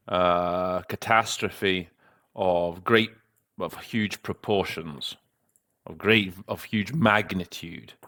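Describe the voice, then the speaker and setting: Host man, very deep voice, dry close sound, self-critical interpreter talking through his work. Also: a bit bright, no room sound. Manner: reflective, self-critical, conversational. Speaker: conference interpreter and podcast host.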